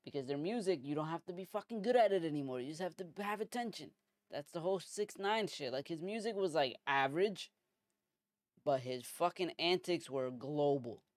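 A man's voice: a little high, expressive, moderate pace, no room sound, clean studio sound. A man from the US hosting a podcast, ranting casually with heavy profanity and lots of filler words. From United States. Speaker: podcast host. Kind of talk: casual commentary monologue.

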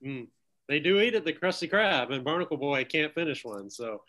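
A man's voice: a little high, expressive, normal speed, bright, forceful tone. A man casually recapping a cartoon episode with friends, laughing often as he talks. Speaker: podcast co-host. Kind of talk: casual chat.

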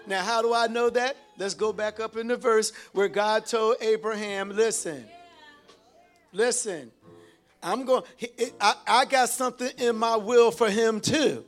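A man's voice: high-pitched, steady tone, a little slow, faint music behind. A man preaching a sermon, reading scripture and calling out to the congregation for responses. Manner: exhorting, calls out to the congregation.

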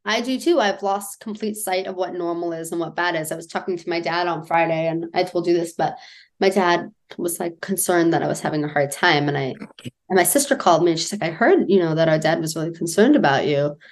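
A woman's voice: on the low side, brisk. A woman co-hosting a podcast in casual chat, candid and self-deprecating, often laughing at her own troubles. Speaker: podcast co-host.

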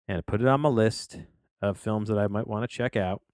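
Rambling, low-voiced middle-aged man podcasting. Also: fairly quick, darkish tone, clean tone, no echo, clean studio sound. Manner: digressive, jokey, trailing off into tangents. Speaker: podcast movie reviewer. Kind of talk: rambling solo podcast review. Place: home office recording studio.

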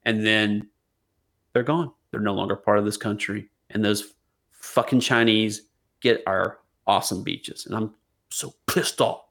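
A man's voice: on the low side, unhurried, fairly bright tone. A man co-hosting a podcast, ranting casually with lots of swearing, jokes and restarts. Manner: profane, joking, rambling with restarts. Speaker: podcast co-host. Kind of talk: casual political chat.

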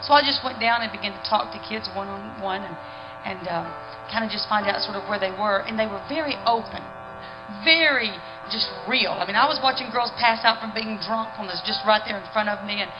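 A woman with a Southern US accent speaks from a church stage, warm and off-the-cuff, telling her story to the congregation. Worship music plays clearly behind her. The video sound is muffled and lo-fi. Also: medium pitch, brisk. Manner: warm, spontaneous, calling people up. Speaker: worship leader and singer. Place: church conference hall.

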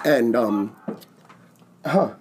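A man's voice: mid-range voice, drawn-out words, slight background noise. A young man hosting a podcast, telling a story in casual chat and laughing often. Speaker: podcast host.

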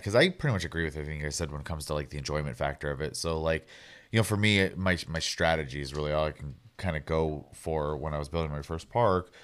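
A man with an extremely deep voice talks casually on a podcast. He is laid-back and hesitant, hedges with fillers, and slips in dry jokes. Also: quick pace, a bit bright. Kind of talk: casual chat.

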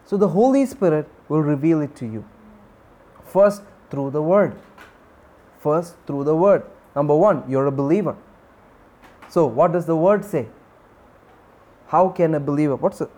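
A man's voice: sits high, mellow. A man preaching a sermon, repeating key phrases and putting questions to his listeners. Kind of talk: sermon teaching.

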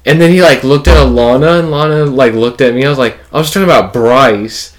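A man's voice: medium pitch, fairly quick. A young adult man co-hosting a podcast, blunt and profane, who laughs often in casual chat. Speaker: podcast co-host.

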